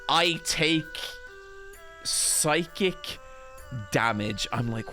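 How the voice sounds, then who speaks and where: An Irish man tells an embarrassing story on his podcast in a loose, chatty way. He is animated and self-mocking, swears freely, and talks at a middling pitch. Soft music plays faintly under his voice. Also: takes it slowly, pauses often. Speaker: podcast host. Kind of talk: casual anecdote storytelling.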